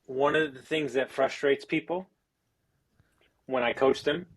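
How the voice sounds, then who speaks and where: A man's voice: mid-range voice, steady tone, measured pace, dry recording. A male podcast host and life coach with an ordinary mid-range voice. He speaks plainly and bluntly, saying exactly what he thinks and swearing without hesitation. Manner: blunt, direct, swears casually. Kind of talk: conversational podcast talk.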